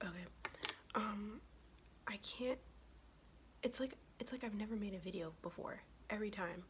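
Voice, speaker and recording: A woman's voice: medium pitch, normal speed. Young woman whispering asmr while she does her makeup, sick, swears a lot, chatty, bit of faint hiss. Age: young adult. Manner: casual, profane, chatty whispering. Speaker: ASMR vlogger. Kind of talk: whispered ASMR get-ready-with-me chat.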